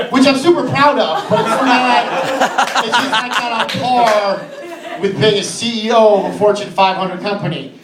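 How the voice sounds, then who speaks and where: A man doing a stand-up set, telling a story in a rambling way with lots of "uh" fillers. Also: high voice. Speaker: stand-up comedian. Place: comedy club stage before a laughing audience. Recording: roomy, distant live club recording with crowd.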